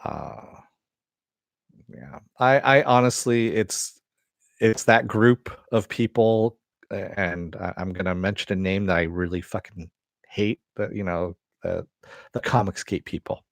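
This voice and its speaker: A man's voice: deep voice, measured pace, creaky, no echo, studio quality. A middle-aged man hosting a casual live stream, rambling and swearing as he answers viewers. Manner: rambling, profane, restarts often. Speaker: host.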